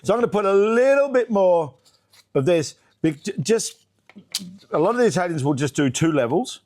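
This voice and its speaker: Enthusiastic male host with a lively voice. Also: high voice, normal speed. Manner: chatty and enthusiastic. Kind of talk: casual chat while cooking.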